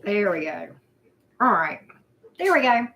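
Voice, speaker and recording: A woman's voice: medium pitch, sing-song, a little slow, pushed and bright. A woman, hosting a casual live chat, greeting viewers by name in a loose, self-deprecating way. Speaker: livestream host.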